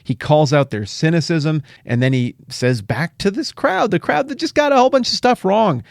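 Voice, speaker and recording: A middle-aged man hosting a podcast, teaching the Bible in a casual, animated way with jokey asides and playful paraphrases. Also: on the high side, moderate pace, vocal fry, dry recording, studio quality.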